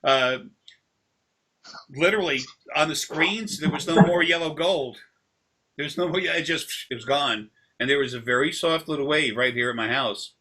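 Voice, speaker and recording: A man with a bright, forward tone talks loosely over a video call. He rambles as an energy healer, wandering off into long stories with easy, conversational explanations. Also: a little high, moderate pace. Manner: rambling, drifting into long anecdotes. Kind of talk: casual explanation during a session.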